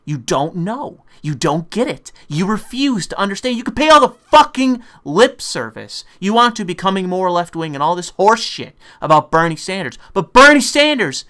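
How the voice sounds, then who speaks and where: A man's voice: high-pitched, very animated, normal speed, few pauses, bright, forceful tone. A man delivering an angry, profane political rant in a combative, sarcastic manner. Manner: mocking put-on voices when quoting opponents. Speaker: political commentator.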